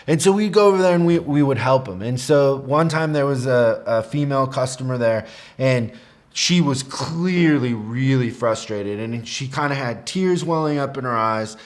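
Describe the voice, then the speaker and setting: A middle-aged man giving a motivational training talk to service advisors, telling a personal story earnestly with small restarts. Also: mid-range voice.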